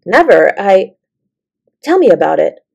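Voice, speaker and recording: A woman voicing a shy, slow schoolgirl full of awe in a storybook reading, speaking hesitantly. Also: mid-range voice, sing-song, creaky, a little mellow, husky, exaggerated voice. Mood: breathless. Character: shy, slow, plump schoolgirl, easily awed.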